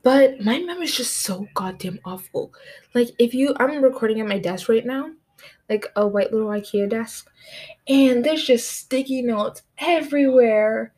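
A teenage girl from the United States, in her late teens, rambles casually through a solo episode of her own podcast from her home desk, using lots of "like" fillers. She speaks at a normal speed in a slightly high, darkish voice.

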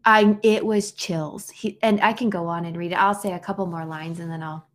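A woman in her thirties shares a story on a podcast in an earnest, conversational way. Her voice sits on the low side, and she often restarts her sentences as she goes. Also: steady tone, moderate pace. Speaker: podcast co-host. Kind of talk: casual heartfelt conversation.

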